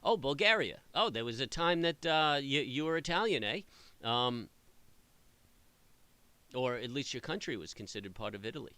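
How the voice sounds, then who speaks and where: A man's voice: mid-range voice, expressive, moderate pace, pauses often, bright, forceful tone, no echo. A middle-aged man hosting a trading stream, chatting casually with viewers in a rambling way, full of fillers and restarts. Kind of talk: casual chat with live viewers.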